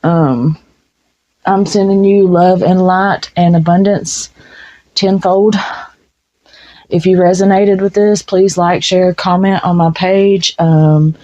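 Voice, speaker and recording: A woman's voice: fairly low pitch, warm tone. A woman giving a casual tarot reading, blunt and frank, swearing freely. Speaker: tarot reader. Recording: dull lo-fi sound.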